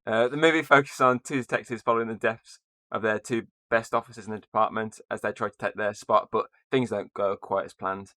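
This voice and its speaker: Guy hosting a movie podcast, bright voice, dry close sound. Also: on the low side, fairly even intonation, fairly quick, no echo. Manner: reads movie rundown, joking. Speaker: podcast host. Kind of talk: casual podcast chat.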